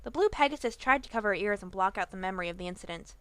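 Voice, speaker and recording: A woman narrating a fan audiobook reading, expressive with small slips and restarts. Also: mid-range voice, fast, hardly any pauses, smooth, no echo.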